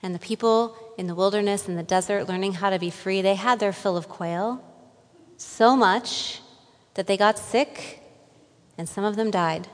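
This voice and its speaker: A woman's voice: medium pitch, normal speed, big-room sound. A woman pastor preaching a sermon in a conversational way, putting questions to the congregation.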